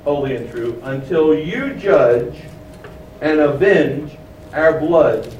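A man's voice: fairly high pitch, expressive, takes it slowly, darkish tone, highs cut off, slight background noise. A man preaching a sermon, explaining a passage and asking his listeners questions. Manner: explains, asks the room questions. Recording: echoey room, mic at a distance.

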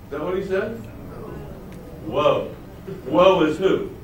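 A man's voice: high-pitched, moderate pace, highs cut off, a little hiss or hum. A man teaching a Bible study lesson, asking his listeners questions and answering them himself. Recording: roomy, mic at a distance.

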